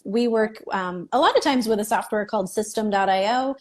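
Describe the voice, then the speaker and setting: A fairly high-voiced woman speaks as a guest in a casual video-call interview. She sounds upbeat, explains things clearly, and laughs easily. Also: fairly quick. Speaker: business mentor guest.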